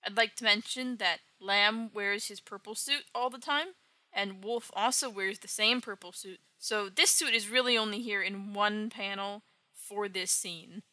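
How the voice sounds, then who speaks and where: A woman's voice: medium pitch, unhurried, sharp tone, no room sound. Wry woman recapping a comic. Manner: wry, joking asides.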